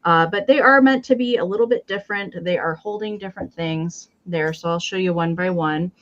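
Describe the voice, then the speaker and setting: A woman's voice: on the low side, brisk, lo-fi sound. A woman hosting a live-stream sale in a casual, chatty way, describing each item in detail with frequent ums and counting down bids.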